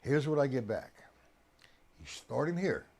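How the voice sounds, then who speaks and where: A man teaching drums on a live stream, chatty and coaxing, counting beats aloud with loud accents on the downbeats. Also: mid-range voice, very animated, measured pace. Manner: chatty, coaxing, addresses viewers directly. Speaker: drum teacher. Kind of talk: live-streamed drum lesson.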